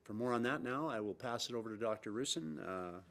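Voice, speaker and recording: A middle-aged man, a provincial premier, reading a formal press briefing statement in a measured way, pausing often with "uh" and repeating key words for emphasis. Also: medium pitch, lively intonation, gravelly, a bit bright. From Canada.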